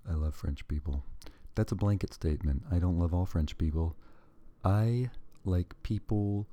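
This casual monologue to camera comes from a man with a low, warm voice at a moderate pace. He wanders off on tangents, cracks jokes along the way and often stops to correct himself.

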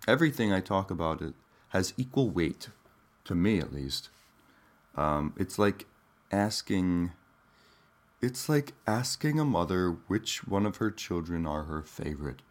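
Groggy man with a deep morning voice. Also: unhurried. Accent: put-on Australian/New Zealand. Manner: rambling, deadpan, self-mocking. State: groggy, just woke up. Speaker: podcast host. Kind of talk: rambling comedic monologue.

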